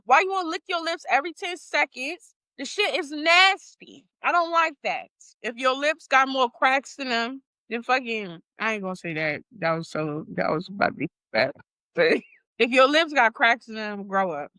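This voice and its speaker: A woman's voice: sits high, animated, normal speed, bright, forceful tone, no room sound. A woman co-hosting a podcast, ranting bluntly and with plenty of swearing in casual chat. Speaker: podcast co-host.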